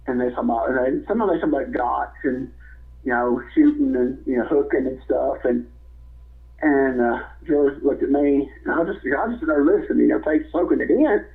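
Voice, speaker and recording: A man's voice: medium pitch, creaky. A man, a former wrestler and guest, telling rambling stories and laughing often, over a phone line. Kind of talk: casual storytelling.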